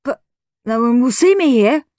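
A woman's voice: fairly high pitch, lively intonation, normal speed, mellow, dry recording, clean studio sound, pitched above the performer's own voice, natural voice. A woman voicing a grumpy, defiant young schoolboy who grumbles and sulks. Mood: protesting. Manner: sulky, grumbling.

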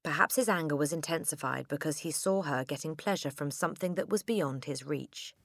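A woman narrating a children's storybook in a crisp, expressive reading. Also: low voice, fairly quick, dry recording, studio quality. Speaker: audiobook narrator.

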